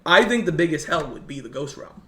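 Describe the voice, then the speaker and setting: A young man in casual chat, telling a long story in an animated way and acting out what others said. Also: fairly high pitch. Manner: animated, fast storyteller who acts out quotes. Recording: roomy echo.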